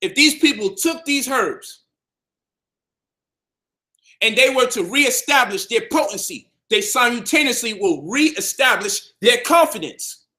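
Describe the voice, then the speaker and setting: A man talks straight to camera in a preachy, combative monologue. His voice sits high and carries a bright, forceful edge. He hammers his points home and repeats them for stress. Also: lively intonation, unhurried. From Brownsville, Brooklyn, New York. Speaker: health and conscious-community speaker.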